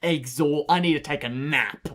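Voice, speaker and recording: A man with a fairly high voice streams a game live, rambling and exasperated as he walks his teammates through their routes. He sounds worn out, his talk full of restarts as he explains things again. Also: moderate pace, a bit bright. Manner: rambling, exasperated, giving step-by-step directions. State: tired. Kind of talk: live gameplay commentary.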